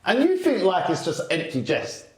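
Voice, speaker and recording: Lively comedian telling stories. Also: male voice, normal speed, roomy sound. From England. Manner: animated, lively storyteller who jumps up in pitch for quotes. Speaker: stand-up comedian, guest. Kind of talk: casual storytelling interview.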